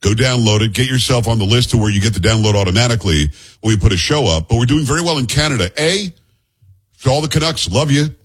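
A fast-talking man with a mid-range, breathy-edged voice and lively intonation hosts a radio talk show from a studio. Speaking into a studio microphone, he rambles and jokes, trading teasing banter with his co-host.

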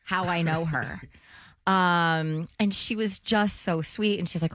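A woman co-hosting a morning radio show, telling a lively story and acting out the voices of the people in it. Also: fairly low pitch, moderate pace, vocal fry, dry recording, studio quality. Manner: animated storytelling, acts out quotes. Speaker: radio co-host.

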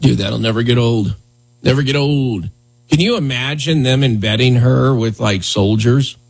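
A man's voice: mid-range voice, normal speed, gravelly, a little hiss or hum, low-quality recording. A man hosting a morning radio show, talking loosely with a joking, sarcastic edge. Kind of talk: casual morning radio talk. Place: radio studio.

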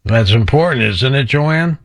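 Man, radio host, mid pitch, relaxed, conversational, takes calls. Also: a little slow. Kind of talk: talk radio hosting.

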